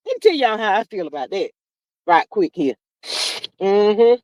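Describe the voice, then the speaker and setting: A woman's voice: mid-range voice, very animated, dry recording, muffled recording. A woman hosting a live stream, chatting casually and reading out comments in a sassy, folksy way, calling listeners child and honey. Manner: drawn-out fillers, laughs often.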